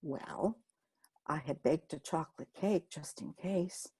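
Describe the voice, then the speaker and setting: A woman putting on a soft-spoken elderly great-grandmother. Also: low voice, breathy edge, pitched below the performer's own voice, exaggerated voice. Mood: reminiscing. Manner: soft, slow and wistful. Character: gentle elderly great-grandmother, tender and nostalgic.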